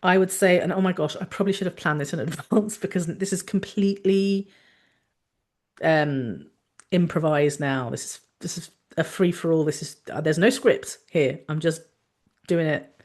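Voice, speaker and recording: A woman doctor hosting a talk, explaining frankly in a chatty way with lively asides. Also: deep voice, moderate pace. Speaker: doctor and podcast host.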